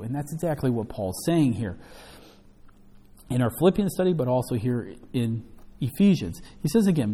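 Animated preacher in a reverberant hall. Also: male voice, mid-range voice, moderate pace. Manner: emphatic, animated preaching with scripture reading. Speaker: pastor. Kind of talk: sermon, Bible teaching.

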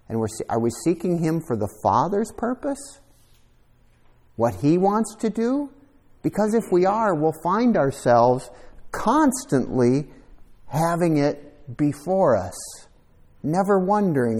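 A man's voice: mid-range voice, dark tone. A man preaching a conversational sermon, reflective and thinking aloud, sometimes repeating a word as he goes. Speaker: pastor.

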